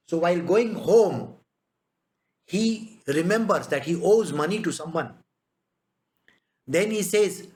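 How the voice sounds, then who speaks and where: Man, high voice, spiritual teacher, sermon, emphatic, rhetorical questions. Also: expressive, moderate pace. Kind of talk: spiritual discourse.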